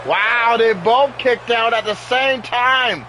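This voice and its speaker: High-voiced man doing excitable play-by-play. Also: takes it slowly, a little hiss or hum, rough recording. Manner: excitable, keeps exclaiming "uh-oh". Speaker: game commentator. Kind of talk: play-by-play commentary over a wrestling game. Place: home with sleeping dogs nearby.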